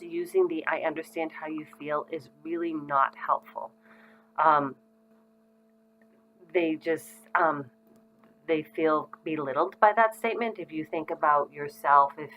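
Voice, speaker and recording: Middle-aged woman, low pitch, casual parenting educator, relaxed and conversational. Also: rough recording. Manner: frequent ums, conversational and reassuring. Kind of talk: casual instructional talk to parents.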